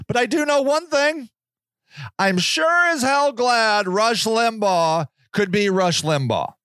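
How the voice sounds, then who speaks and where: A high-pitched man rants through a casual podcast monologue, swearing freely and dripping with sarcasm. The sound is dry and close, with no room echo. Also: fairly bright tone. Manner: profane, ranting, sarcastic. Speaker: podcast host.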